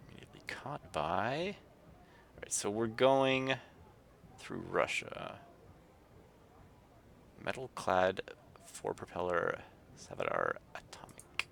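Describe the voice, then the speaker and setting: A man's voice: low-pitched, very animated, takes it slowly, gravelly, pauses often, fairly bright tone, a little hiss or hum. A man livestreaming a game, reading its text aloud and chatting casually with viewers. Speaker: streamer.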